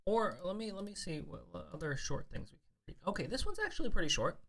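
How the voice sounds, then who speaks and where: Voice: mid-range voice, huge pitch swings, fast, creaky, fairly bright tone. A young adult streamer chatting casually with viewers, swearing often and full of fillers and restarts. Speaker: streamer host. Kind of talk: casual live-stream chat.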